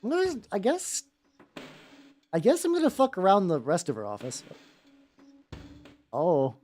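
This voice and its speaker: Excitable, foul-mouthed woman game streamer. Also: lowish voice, unhurried, soft background music. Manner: excitable, swears freely, rambling asides. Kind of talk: live gameplay commentary.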